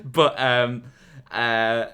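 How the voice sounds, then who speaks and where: A man's voice: medium pitch, steady tone, extremely slow, sharp tone, clear, resonant tone. A man, a podcast co-host and comedian, telling an anecdote with lots of laughter in casual chat.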